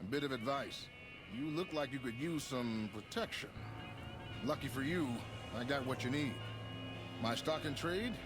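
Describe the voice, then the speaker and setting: An actor playing a smooth-talking black-market weapons dealer with salesman patter, heard as game audio. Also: mid-range voice, animated, normal speed, long pauses, close to an everyday voice. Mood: selling. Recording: game audio with loud music.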